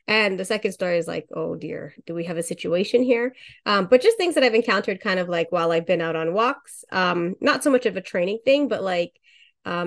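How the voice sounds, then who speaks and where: Chatty woman podcast host telling stories. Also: fairly low pitch. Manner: chatty storytelling with many fillers and laughs. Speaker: podcast host and dog trainer. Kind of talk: casual podcast chat.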